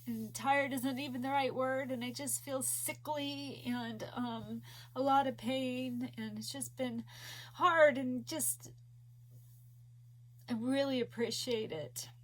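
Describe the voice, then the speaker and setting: A woman crochet vlogger chatting casually to her viewers, emotional and teary, soft-spoken. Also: high-pitched, fairly even intonation, slow. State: tearful. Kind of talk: casual video chat.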